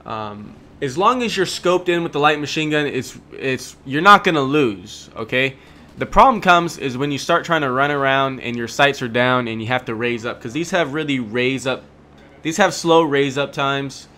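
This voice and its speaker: A young man giving relaxed, chatty gameplay commentary, full of ums and self-corrections. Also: mid-range voice, moderate pace.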